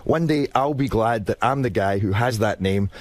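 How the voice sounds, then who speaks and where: A Scottish man, an actor guest in a radio interview, telling stories in rapid bursts with frequent restarts. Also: fairly low pitch, no echo. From Scotland. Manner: rapid, animated storytelling with many restarts.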